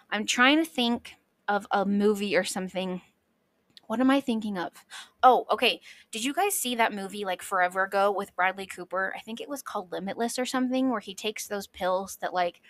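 Bright, chatty woman podcast host. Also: mid-range voice, no echo. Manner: enthusiastic, chatty, self-deprecating asides. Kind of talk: casual educational podcast.

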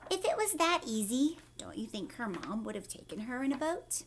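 Animated woman reading to kids. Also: on the high side, normal speed, very noisy. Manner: animated, questioning the young listeners. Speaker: teacher. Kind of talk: read-aloud storytime for children.

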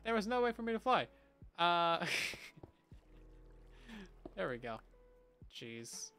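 A streamer plays a game on a livestream and chats casually and playfully with viewers, punctuated by mock panic. His high voice is sing-song, bright, forceful and smooth, delivered slowly over soft background music.

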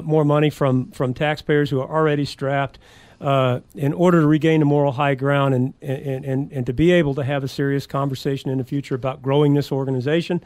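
A man's voice: mid-range voice, a little mellow, no echo. A man talking as a sheriff candidate on a radio talk show, speaking earnestly in a campaign style with frequent restarts and fillers.

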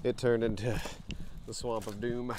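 A young man, chatting excitedly to viewers while wading a creek, sniffling from allergies. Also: mid-range voice, unhurried, noisy background. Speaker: bottle-hunting vlogger. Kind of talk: casual outdoor vlog narration. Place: outdoors in a creek.

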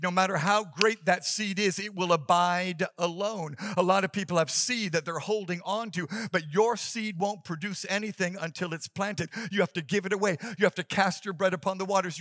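High-voiced pastor preaching hard, asks the crowd to repeat, dry sound. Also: male voice, moderate pace, a bit bright, no room sound. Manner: emphatic, repetitive call-and-response preaching. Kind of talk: sermon.

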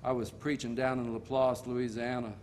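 An older man delivers a sermon as a string of homespun stories. His voice sits at an ordinary middle pitch, and he slows down deliberately to drive each point home. A faint low rumble runs under the recording. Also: flat delivery, a little mellow. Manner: folksy storytelling preaching, slowing for emphasis. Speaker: preacher.

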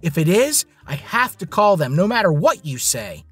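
A man's voice: high voice, very animated, moderate pace, a bit bright, husky, dry recording, faint music behind, pitched above the performer's own voice, full character voice. A man voicing a scheming, cocky rich young man who talks in a bossy, demanding way.

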